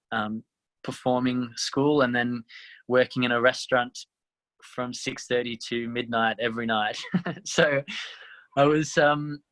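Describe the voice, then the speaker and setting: Young male actor, twenties, lively guest who laughs a lot. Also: mid-range voice. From Australia (Tasmania). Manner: animated, laughs often, quick bright laugh. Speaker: musical theatre actor, guest. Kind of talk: casual interview chat.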